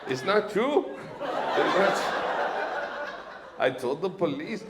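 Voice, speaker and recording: A man doing a stand-up comedy set, telling stories in an animated way and acting out other people's voices. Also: fairly high pitch, slow pace, heavy background noise. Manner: storytelling, animated, acts out voices of his dad and the police. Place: comedy stage before a live audience. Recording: echoey stage recording with loud audience laughter.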